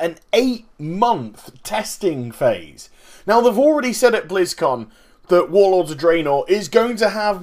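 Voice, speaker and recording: A man hosting a casual gaming commentary vlog, talking in an animated, emphatic way and explaining things step by step. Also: high-pitched. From Northern Hemisphere. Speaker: gaming video host.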